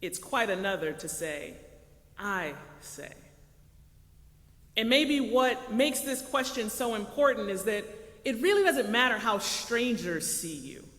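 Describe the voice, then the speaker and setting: A man's voice: sits high, very animated, moderate pace, fairly bright tone. A man preaching a sermon as pastor, telling a story with acted quotes before turning to scripture. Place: church sanctuary. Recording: echoey church hall.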